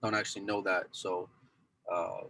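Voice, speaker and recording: Male podcast regular, deeper voice, loose rambling chat with lots of self-corrections. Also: flat delivery, normal speed, pushed and bright, slight background noise, rough recording. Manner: rambling, repeats "go and", many restarts. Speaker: pool news insider and cue dealer.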